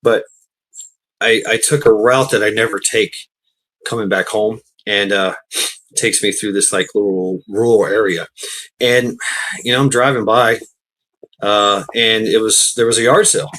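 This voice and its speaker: A man's voice: lowish voice, steady tone, normal speed, pauses often, fairly bright tone, poor audio. A man hosting a livestream, telling a casual rambling story, laughing often and swearing freely. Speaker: livestream host.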